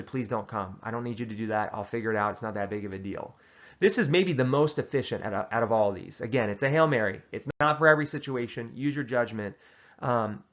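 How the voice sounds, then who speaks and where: In a casual comedic advice monologue, a man with a medium-pitched voice hands out tongue-in-cheek tips, mock-serious and deadpan, restarting often. The audio sounds dull.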